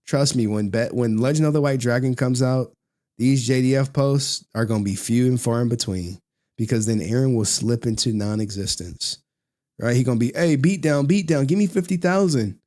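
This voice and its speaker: A man's voice: medium pitch, moderate pace, a little mellow. A man giving casual reaction commentary, blunt and profane, often repeating phrases for emphasis. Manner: blunt, profane, exasperated ranting.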